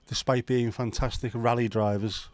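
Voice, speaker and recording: A man's voice: mid-range voice, little pitch movement, moderate pace, a little mellow, dry recording. A man who hosts a casual live stream, chatting and joking and greeting viewers by name. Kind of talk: casual watch-along chat.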